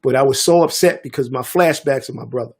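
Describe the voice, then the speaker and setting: An older man, a DJ and producer telling a story in a casual interview, animated and acting out the voices of others. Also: medium pitch, fast talker, breathy edge. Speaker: guest DJ and producer.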